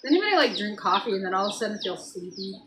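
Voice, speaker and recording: A woman hosting a casual morning live stream from her home kitchen, chatting loosely with viewers and greeting them by name, her voice a little hoarse. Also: medium pitch, sing-song, rapid-fire, background noise.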